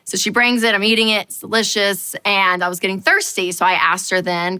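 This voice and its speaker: A woman hosting a show, telling a personal story in a lively, self-mocking way with lots of fillers. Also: medium pitch, a little fast, smooth. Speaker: host.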